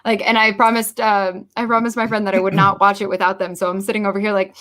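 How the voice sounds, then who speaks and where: A young woman chatting casually as a guest, animated, swearing freely and acting out her own quoted lines. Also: mid-range voice, fast talker, few pauses. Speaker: podcast host guest. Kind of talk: casual chat.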